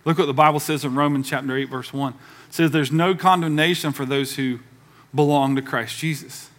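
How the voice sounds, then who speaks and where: A middle-aged man, preaching a sermon in a church in a lively, conversational way that acts out the voices he quotes. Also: fairly high pitch, a little fast. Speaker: pastor. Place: church sanctuary.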